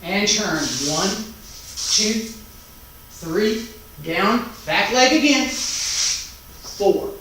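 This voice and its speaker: A man teaching a taiji class online, calmly calling out each movement, breath and count step by step. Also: sits high. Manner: calm, unhurried step-by-step cueing and counting. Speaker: taiji instructor. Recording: very echoey room, mic far off, faint background noise.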